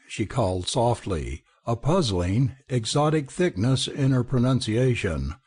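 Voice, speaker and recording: Husky male audiobook narrator. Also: medium pitch, sing-song, unhurried, few pauses, darkish tone. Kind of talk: scripted narration.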